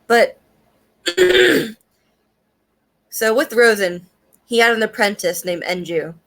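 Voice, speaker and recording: In a medium-pitched, fairly bright voice and at a slow pace, a young woman gives a casual anime review. She talks chattily and profanely, laughing a lot and leaning on "like" and "um."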